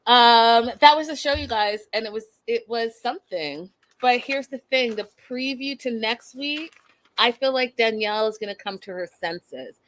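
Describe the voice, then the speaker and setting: A woman's voice: on the high side, moderate pace, a little hiss or hum. Sassy woman hosting a show recap. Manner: blunt, sassy and animated, mocks and acts out the cast members. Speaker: host recapping a reality show. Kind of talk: live-stream recap commentary.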